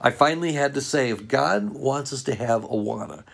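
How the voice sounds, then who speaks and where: Male ministry leader, gravelly voice, earnest anecdotal storytelling to a church audience. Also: medium pitch, normal speed. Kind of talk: storytelling talk to ministry workers.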